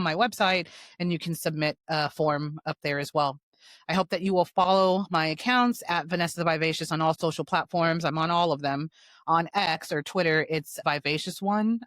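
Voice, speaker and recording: A woman hosting her own show, telling a personal story in a fast, animated, blunt way. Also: lowish voice, no room sound. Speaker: show host.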